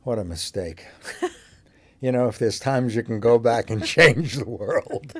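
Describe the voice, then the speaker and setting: A man's voice: mid-range voice, lively intonation, measured pace. An older American man from New York, a guest telling rambling stories with many fillers and chuckles. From New York, USA. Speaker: interview guest, actor. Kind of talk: casual anecdotal storytelling.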